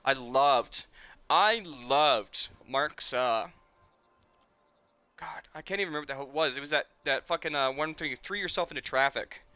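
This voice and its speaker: A man's voice: a little high, normal speed, pushed and bright, clean tone, no room sound. A man in his twenties, a streamer, chatting casually and emotionally in a rambling way and swearing often. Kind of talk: casual nostalgic chat.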